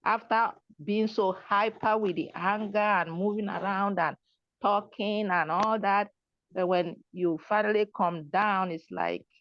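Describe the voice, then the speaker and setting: A woman taking part in a workshop, offering a point slowly and hesitantly. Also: medium pitch, dry recording, lo-fi sound. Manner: slow, searching, hesitant. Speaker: workshop participant.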